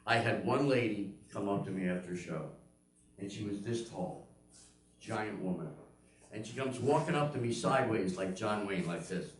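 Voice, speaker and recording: An older man from Pennsylvania performs stand-up in a live comedy room as the audience laughs. Animated and at a moderate pace, he tells stories and acts out the quoted people with sudden, big jumps in pitch. The recording is echoey, heard from a distance.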